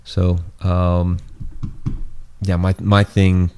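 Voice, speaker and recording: Man, very deep voice, podcast host, rambling, lots of fillers, voice wearing out. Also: monotone, very slow, darkish tone, clear, resonant tone. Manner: rambling, many fillers and restarts. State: losing his voice. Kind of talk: casual podcast chat.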